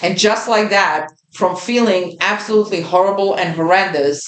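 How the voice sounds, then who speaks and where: A woman's voice: medium pitch, normal speed. A woman host recounting a personal experience in an earnest, vivid way, repeating phrases for emphasis. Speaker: podcast host. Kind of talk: personal storytelling. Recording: roomy echo.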